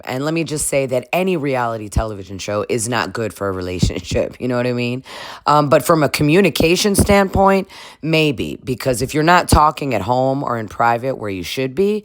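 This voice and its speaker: A woman's voice: rumbling low, very animated, moderate pace, dry recording. Sassy, laugh-filled woman recapping TV. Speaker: recap vlogger. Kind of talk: casual reality-TV recap.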